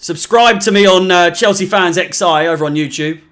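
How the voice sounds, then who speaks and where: A man's voice: sits high, moderate pace, a bit bright. A young man from England hosting a live football watch-along, deflated, sweary and sarcastic. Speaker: fan channel host.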